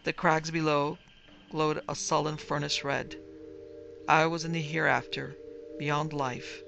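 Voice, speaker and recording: Gravelly, bright horror-story narrator woman. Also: sits low, little pitch movement, unhurried, slight background noise. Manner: vivid first-person storytelling. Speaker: narrator and producer.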